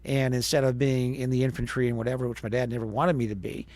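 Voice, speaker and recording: Talking fast with little pitch movement, a Wisconsin ex-radio DJ in his fifties guests on a podcast and tells stories chattily, acting out quoted voices. His medium-pitched voice is a little mellow.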